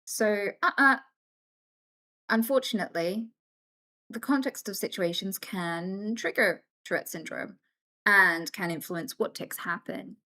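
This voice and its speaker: A woman's voice: medium pitch, measured pace. A woman live streamer in casual chat, answering viewer questions candidly and acting out other people's voices as she tells stories. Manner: animated storyteller who acts out other voices; candid, swears freely.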